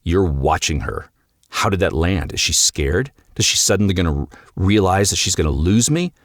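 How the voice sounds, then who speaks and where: Deep-voiced man coaching on a podcast. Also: expressive, moderate pace, no echo, clean studio sound. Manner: direct and coaching, often acting out dialogue. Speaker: podcast host and marriage coach. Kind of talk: solo podcast monologue.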